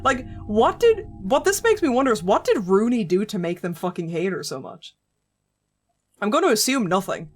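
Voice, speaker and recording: A woman's voice: mid-range voice, big pitch swings, normal speed. A woman streaming a game, griping with sarcastic, profane commentary. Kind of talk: let's play commentary. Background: game music.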